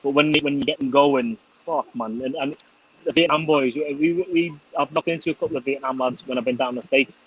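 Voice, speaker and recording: A man's voice: medium pitch, steady tone, fairly quick, a bit bright, husky, dull audio. A middle-aged man hosting a casual chat, laughing and swearing freely. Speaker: host.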